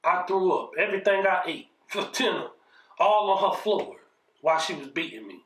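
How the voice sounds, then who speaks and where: A man's voice: sits high, lively intonation, normal speed, a bit bright, far from the mic. A man casually telling a story from his childhood, profane and rambling, often checking in with "you know what I mean". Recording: roomy echo, mic set back.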